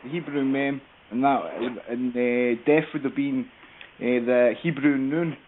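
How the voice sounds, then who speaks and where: A male caller chats loosely, piling on asides and repeating himself as he goes. His voice has a middle pitch. It comes through a tinny phone line with a faint hiss. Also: fairly even intonation. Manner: quick, loose and chatty, with asides and repeated phrases. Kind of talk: call-in talk show chat.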